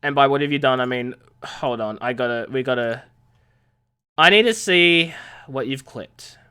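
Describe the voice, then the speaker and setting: A woman's voice: a bass voice, moderate pace, a bit bright, clean tone. A woman streamer chatting casually, stammering and mocking herself with minced swears.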